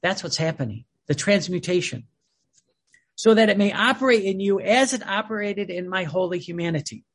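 A man preaching a sermon, reading devotional passages aloud and commenting on them in an earnest, emphatic way that swings between loud and soft. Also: high voice, expressive, moderate pace.

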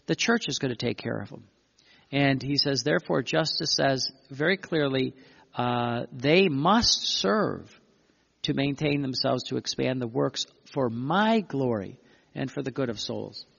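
A man preaching a sermon, reading passages aloud and commenting on them with emphatic phrasing and frequent pauses. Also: mid-range voice, vocal fry, fairly bright tone, breathy edge. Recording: dull lo-fi recording with long hall reverb.

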